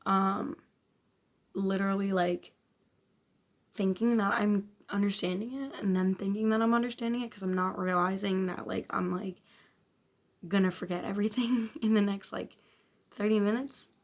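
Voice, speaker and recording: A woman's voice: mid-range voice, steady tone, normal speed. A young woman vlogging a frank personal confession, rambling with constant filler words and casual swearing. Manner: frank, self-questioning, occasional nervous laughs.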